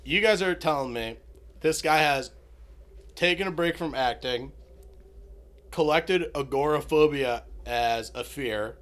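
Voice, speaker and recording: A young man in casual podcast banter, profane and animated, acting out movie scenes for laughs. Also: on the high side, unhurried, pauses often. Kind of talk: casual chat.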